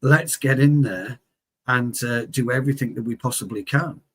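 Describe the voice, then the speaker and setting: In a clip with slight background noise, a mid-range male voice speaks at normal speed. He's a former footballer in his 40s, co-hosting a heated, foul-mouthed football chat and animatedly recounting stories from his playing days.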